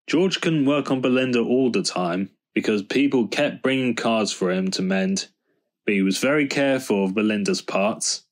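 A man reading a children's storybook aloud in a calm, measured narration. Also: on the low side. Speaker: storybook reader.

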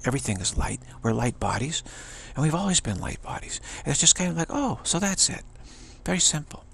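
A man's voice: mid-range voice, sing-song, quick pace, vocal fry, fairly bright tone, a little hiss or hum. A man giving an earnest, rambling spiritual monologue to camera, often restarting his sentences. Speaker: spiritual video blogger.

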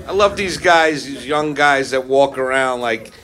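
A man's voice: medium pitch, a little slow. A man doing a profane, confrontational stand-up set, recorded live on a club stage with a handheld mic. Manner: profane, confrontational, aggressive punchlines. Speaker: stand-up comedian. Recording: live club recording with loud crowd laughter.

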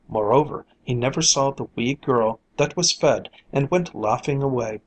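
Storyteller for a fairy-tale reading; slow, lilting, unhurried. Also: mid-range voice, husky, rough recording.

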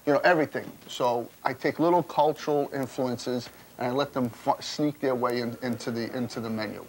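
A man's voice: medium pitch, fairly even intonation, brisk, a little hiss or hum, poor audio. A man, a chef, chatting and joking as he cooks in a restaurant kitchen, often tagging his sentences with "okay?". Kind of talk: casual chat while cooking.

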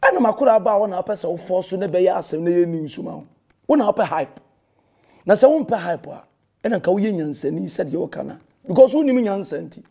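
A man's voice: high-pitched, lively intonation, a little fast, vocal fry, a little mellow. A Ghanaian man, a pastor, delivering a heated and confrontational rebuttal that scolds a rival and mixes in English phrases.

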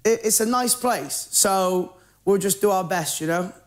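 A woman's voice: mid-range voice, unhurried. A woman from England, an easygoing reality show contestant who hesitates with ums.

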